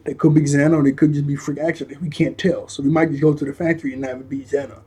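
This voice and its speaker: A man with a fairly high but mellow voice runs through a cartoon episode in a casual review. He talks in loose slang, leans on fillers and keeps breaking into chuckles. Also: little pitch movement, racing, husky.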